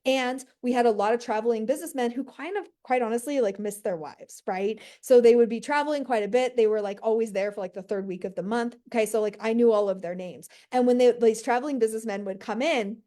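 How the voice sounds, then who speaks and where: A woman's voice: quick pace, hardly any pauses, mellow. Brash, profane woman coach. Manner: brash, profane, high-energy, peppered with "like" and "right?". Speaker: business coach. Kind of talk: motivational monologue.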